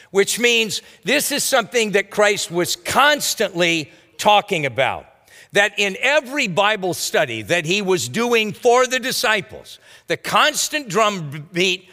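A pastor preaches an expository sermon, teaching verse by verse in a conversational, folksy way with casual asides. His high-pitched voice is pushed and bright, with big-room sound.

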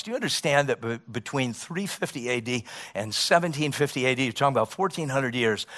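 A man preaching a sermon, swinging between soft, quiet passages and loud, emphatic ones. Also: medium pitch. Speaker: pastor.

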